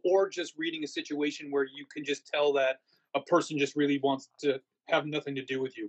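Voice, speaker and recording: A man's voice: fairly high pitch, lo-fi sound. A man answering interview questions in a casual, rambling way, full of fillers and restarts. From United States. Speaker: haunt actor guest.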